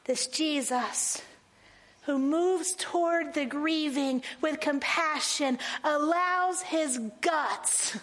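Woman pastor preaching, high voice, takes her time, laughs a lot, goes quiet and whispery for big moments. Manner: animated preaching with laughs and dramatic slow, hushed phrases. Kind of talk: sermon.

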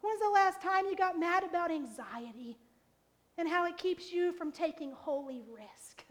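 A woman pastor delivering a sermon, building from quiet questions to impassioned calls to action. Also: very high-pitched, expressive, moderate pace. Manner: impassioned preaching, rising to fiery exhortation.

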